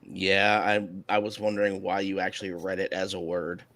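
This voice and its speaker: A man's voice: sits low, little pitch movement, normal speed, fairly bright tone, no echo. A man hosting a live stream, chatting casually with a co-host, hesitant and often chuckling. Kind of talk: casual chat.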